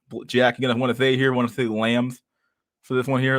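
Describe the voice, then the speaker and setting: A man's voice: medium pitch, steady tone, a little fast, fairly bright tone. A man giving casual, rambling livestream commentary on pictures, swearing constantly and laughing often. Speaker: streamer reacting to pictures.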